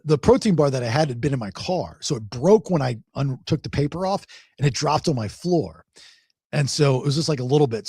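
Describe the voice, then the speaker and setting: A man's voice: medium pitch, gravelly, slightly rough, no room sound, studio quality. A male podcast host, telling a long story in casual chat, rambling and repeating words. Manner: rambling, repeats words, animated when quoting others.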